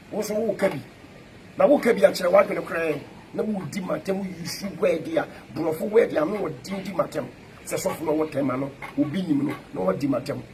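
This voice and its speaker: A man's voice: on the high side, a little mellow, a little hiss or hum, rough recording. A Ghanaian-accented man, a pastor, giving an emphatic rebuttal to camera with chanted, repeated parallel phrases.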